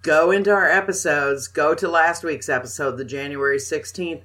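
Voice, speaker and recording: Older lady cohost, bright forceful voice, bossy and teasing, chatty. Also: sits low, normal speed. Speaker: podcast co-host. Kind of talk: casual chat.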